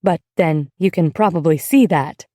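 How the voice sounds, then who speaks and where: A woman narrator voicing a gentle, kindly young woman from next door who speaks softly to a child. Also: low voice, normal speed, no echo, studio quality, pitched below the performer's own voice, lightly acted. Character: gentle, glamorous young American woman neighbor.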